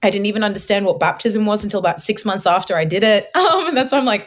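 A woman's voice: medium pitch, fast talker. Young woman telling her faith story. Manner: animated storytelling, acting out her own past words. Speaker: interview guest. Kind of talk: personal faith testimony.

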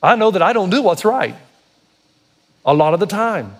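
Man, preacher, high-pitched, emphatic, sermon. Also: sing-song, normal speed. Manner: preaches with rising emphatic intensity; acts out quoted prayers and God's words. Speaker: pastor.

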